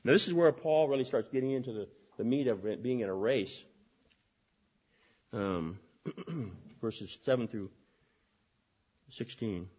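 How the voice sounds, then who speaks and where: A male preacher delivering a sermon in a husky, slightly rough voice at a middle pitch. He talks quickly and doubles back on his words as he goes. The recording is dull and lo-fi. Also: a little mellow. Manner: fast-talking, with repeated restarts.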